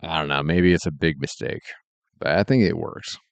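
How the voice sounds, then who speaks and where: A man's voice: very deep voice, moderate pace, creaky, dry recording. A man streaming while he works, chatting casually in a laid-back, meandering way and chuckling often. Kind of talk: casual rambling chat while working.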